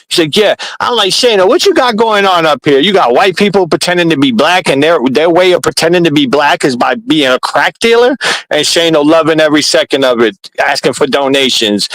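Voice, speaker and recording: A man tells a rambling, heated story to his stream panel, swearing freely as he goes. His voice sits a little high, and the sound is dry and close, with no room around it. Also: a bit bright, no echo, rough recording. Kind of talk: casual profane storytelling.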